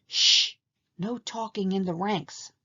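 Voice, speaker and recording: An eager little boy elephant chirps quick, helpful pointers, as a woman puts him on in a storybook reading. The sound is a touch dull. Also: mid-range voice, pushed and bright, slightly rough, full character voice.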